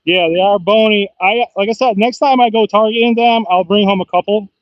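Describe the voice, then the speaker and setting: A man chatting casually on a fishing livestream outdoors, excitable and talkative, often bursting into whoops and laughs. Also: sits high, a little fast, no echo, lo-fi sound. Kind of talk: casual live-stream chat. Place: outdoors by the water.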